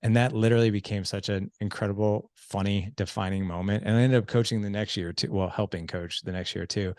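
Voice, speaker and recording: Low-voiced man telling a self-mocking story. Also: fairly quick, no room sound. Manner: animated, self-mocking anecdotes full of "I was like". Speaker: podcast host. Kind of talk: casual storytelling chat.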